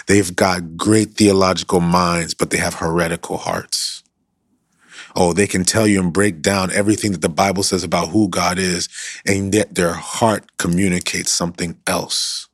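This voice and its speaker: A man preaching an impassioned sermon, repeating phrases and building from soft to loud. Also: sits low, no room sound, studio quality.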